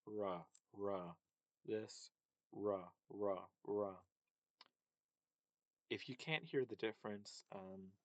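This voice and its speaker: A man speaking slowly in a low, fairly flat voice, hesitating often with fillers. He explains sounds by saying them over and over in a casual lecture. The recording is dry and close. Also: dry recording. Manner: hesitant, many fillers, repeats sounds to demonstrate. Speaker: linguistics presenter.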